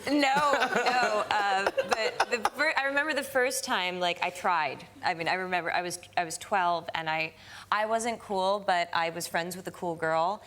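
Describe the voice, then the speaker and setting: A woman's voice: fairly low pitch, steady tone, moderate pace, a bit bright, slight background noise. A woman in her forties, a chat show guest, telling a self-mocking story.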